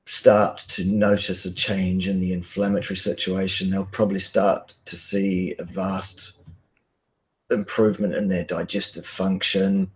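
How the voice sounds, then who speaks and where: A man, a guest on a live stream, talking bluntly and forcefully with many ums and restarts, over a video call. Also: low-pitched, little pitch movement, measured pace. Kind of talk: casual live-stream talk.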